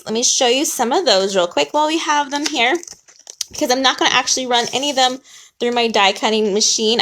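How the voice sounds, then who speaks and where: A woman's voice: fairly high pitch, fairly bright tone. Upbeat, chatty woman teaching a craft class. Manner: chatty and upbeat, apologizes and laughs while adjusting the camera. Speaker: host of a stamping craft class. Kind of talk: casual live craft tutorial.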